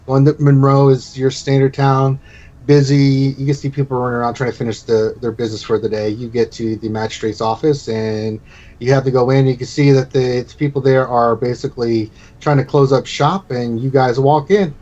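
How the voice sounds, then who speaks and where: A man's voice: medium pitch, little pitch movement, moderate pace, warm tone, dull audio. A man narrating as game master of a tabletop game, in a loose, rambling way.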